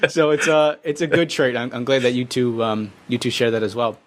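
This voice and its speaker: A man hosting a podcast, asking long winding questions in a casual way. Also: mid-range voice. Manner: quick, talks in long winding sentences with restarts. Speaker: podcast host.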